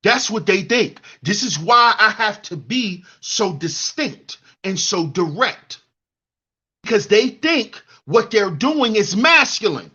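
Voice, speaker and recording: The host of a commentary channel delivers a heated monologue while reading live chat, preaching at men and mocking them in a whiny put-on voice. He speaks slowly in a high, sing-song, sharp, husky voice, recorded with lo-fi sound.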